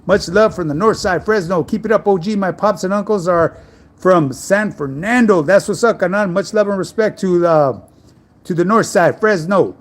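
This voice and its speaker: A man's voice: high-pitched, moderate pace. A middle-aged man, an online fitness coach, chatting casually on a livestream and answering viewer messages in laid-back street slang.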